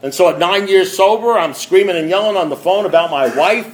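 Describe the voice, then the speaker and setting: A man's voice: high voice, fairly quick. A man speaking at a recovery meeting, telling his story with wry, self-mocking humor and emphatic, repeated build-ups. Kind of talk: storytelling talk.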